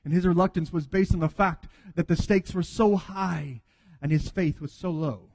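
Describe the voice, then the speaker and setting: High-voiced preaching man with a reverberant sound. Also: fairly even intonation, normal speed, a little mellow. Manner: earnest preaching, acting out quoted dialogue. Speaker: pastor. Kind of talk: sermon.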